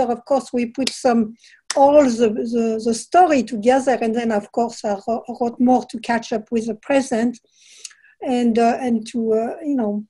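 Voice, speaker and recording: An older woman with a heavy French accent speaks in a mellow, soft-edged voice that sits a little high. She talks haltingly, hunting for words, then reads her own book aloud. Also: slightly rough. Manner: halting, searching for words with many fillers. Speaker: author and painter. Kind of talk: casual talk and reading aloud from her book.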